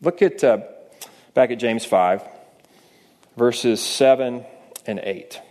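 A man's voice: mid-range voice, slow pace, a little mellow. A man preaching a sermon in a conversational way, often asking the listeners rhetorical questions. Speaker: pastor.

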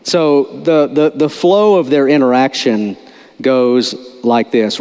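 A man's voice: medium pitch, slow pace, darkish tone, clear, resonant tone. Man preaching a casual sermon, reverberant hall. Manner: informal, repeats words, quizzes the audience. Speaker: pastor. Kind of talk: conversational sermon.

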